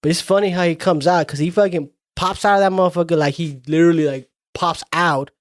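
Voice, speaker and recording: Relaxed, rambling man on a dry mic. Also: on the high side, fast, no echo. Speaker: podcast co-host. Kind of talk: casual movie chat.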